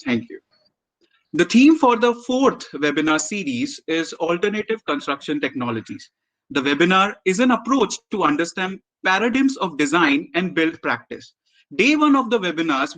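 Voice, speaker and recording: A man's voice: sits high, fairly bright tone, poor audio. A man giving formal opening remarks for a webinar, recapping earlier sessions before handing over to the moderator. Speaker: event host.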